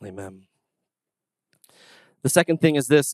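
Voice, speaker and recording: A man preaching a sermon as pastor, telling casual stories in an animated, conversational way. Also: fairly high pitch, fairly quick, dry recording. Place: church sanctuary.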